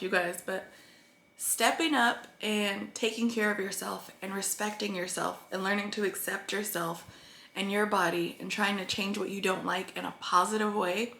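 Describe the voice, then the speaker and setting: This vlogger, a woman with a medium-pitched, slightly bright voice, talks to her audience about her weight-loss progress in a reverberant space. She's earnest and rambling, occasionally tearing up.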